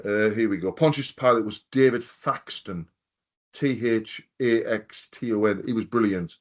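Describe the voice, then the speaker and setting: On the low side and at a normal speed, the voice belongs to a podcast co-host in his fifties. His casual chat runs to rambling, foul-mouthed anecdotes where he quotes what others said.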